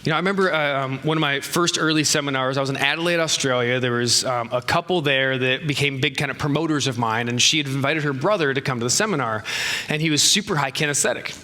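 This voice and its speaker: A middle-aged man teaching speaking skills to a live seminar audience, animated and acting out little exchanges in raised voices. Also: mid-range voice, quick pace. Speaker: speaking coach.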